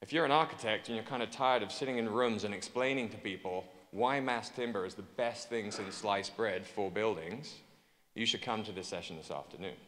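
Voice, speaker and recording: A man with an English accent speaking to a conference audience, joking and persuasive, repeating his pitch for emphasis. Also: brisk, a bit bright. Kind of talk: keynote speech to a conference audience. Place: large conference hall. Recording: long hall reverb.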